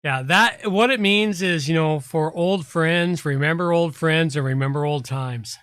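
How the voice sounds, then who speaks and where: A host with a Canadian accent in casual live chat, slow and halting, often restarting words. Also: mid-range voice, fairly bright tone, no room sound.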